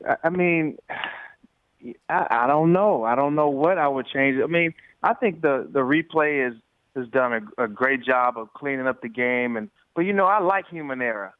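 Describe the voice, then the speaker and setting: A man in his forties calling in to an interview by phone, telling stories with lively energy and repeated starts. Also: mid-range voice, normal speed, clear, resonant tone, no echo. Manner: animated storyteller, repeats words. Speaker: guest calling in. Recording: tinny dry phone line.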